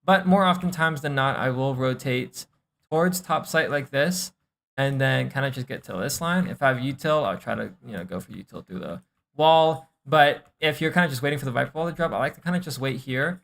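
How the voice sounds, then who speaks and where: A young man streaming, casually reviewing gameplay and coaching, relaxed and thinking aloud with lots of fillers and the odd swear. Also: medium pitch, fairly quick, vocal fry.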